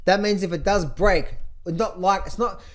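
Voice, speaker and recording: A middle-aged man coaching on trading, talking over charts in an energetic, playful way, chanting phrases in a sing-song repetition. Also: high voice, normal speed. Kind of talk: casual market commentary over charts.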